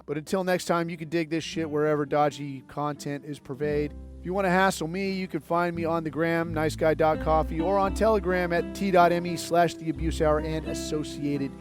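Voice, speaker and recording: A man's voice: on the high side, fairly even intonation, a little fast, few pauses, over music. A man hosting a podcast, telling a war story in a rambling, profane, wry way. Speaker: podcast host. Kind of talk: casual storytelling monologue.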